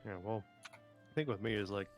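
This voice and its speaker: A man's voice: lowish voice, moderate pace, creaky, music in the background. A man chatting casually and thoughtfully with friends while playing a game on stream. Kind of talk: casual chat while gaming.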